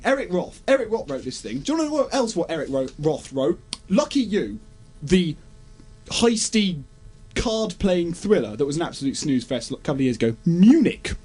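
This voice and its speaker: Ranting man with a lively pitch. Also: slightly rough. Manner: exasperated, bursts into shouting tirades. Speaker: film reviewer. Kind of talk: ranting comic film review.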